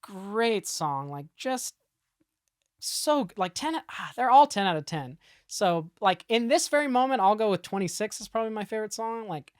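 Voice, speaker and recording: A woman's voice: mid-range voice, normal speed, no echo. Chatty young woman musician, dry sound. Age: late 20s. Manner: chatty, full of "like", animated retelling. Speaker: guest musician in a rock duo. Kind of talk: casual podcast chat.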